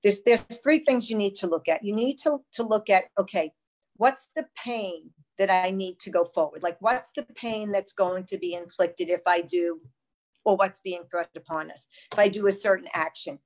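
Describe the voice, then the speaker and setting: A woman hosting a casual live conversation, telling stories in an animated, emphatic way. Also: medium pitch, normal speed. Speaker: host.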